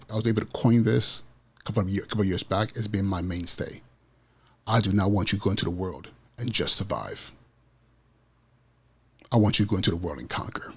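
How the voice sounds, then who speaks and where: A school principal hosts an education podcast, delivering a motivational monologue with passion and emphatic repetition about teaching kids to win. His voice is fairly low and husky.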